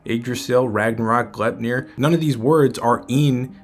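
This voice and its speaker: An earnest, pure-hearted young male god, read by a man retelling a manga. He asks eager, wondering questions in a plain middle-pitched voice. Faint music runs underneath. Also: a little slow, natural voice.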